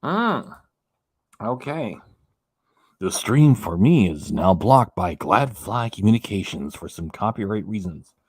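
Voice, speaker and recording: A man's voice: on the low side, big pitch swings, a little slow, slightly rough. A man casually commenting as host of a reaction channel, chatty and rambling, laughing often as he talks.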